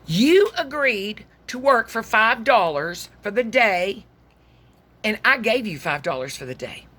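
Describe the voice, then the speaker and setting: A woman's voice: medium pitch, big pitch swings, measured pace, fairly bright tone, voice pushed up. A woman voicing a generous male strawberry farmer who hires workers in a folksy, friendly way. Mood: firm.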